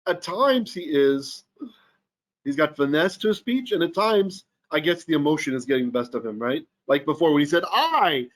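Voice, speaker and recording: A man teaching a Torah lesson in an animated, jokey way, often checking in with his listeners. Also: fairly high pitch. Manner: animated, jokey teaching with frequent "right?" asides. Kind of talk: live-streamed Bible lesson. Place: Philippines.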